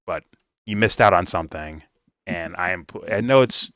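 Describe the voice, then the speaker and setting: Blunt, foul-mouthed man with a deep voice. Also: moderate pace, fairly bright tone, no echo. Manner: blunt, profane, swears freely. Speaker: film reviewer. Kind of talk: casual commentary rant.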